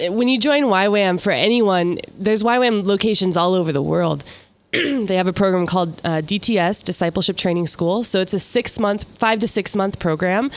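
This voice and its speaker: A young woman guest on a radio talk show, chatting in an upbeat way and laughing often. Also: medium pitch. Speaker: guest, mission volunteer.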